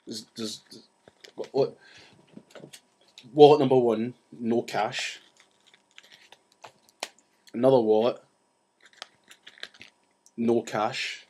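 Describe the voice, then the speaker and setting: A man ranting casually to the camera, rambling with restarts and asides and talking fast. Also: medium pitch, fairly even intonation, warm tone, slight background noise. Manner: says he talks fast. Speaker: vlogger.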